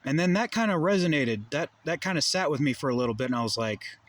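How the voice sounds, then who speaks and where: A man's voice: on the high side, expressive, fast talker, fairly bright tone. A young adult man delivering a heated, profane monologue full of rhetorical questions. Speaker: vlogger. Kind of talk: ranting monologue.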